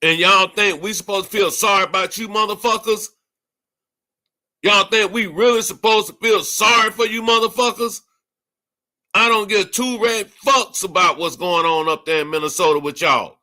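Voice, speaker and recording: A livestream host rants angrily, swearing heavily and repeating himself over and over. His voice sits high and bright, with a forceful edge, moving at a normal speed.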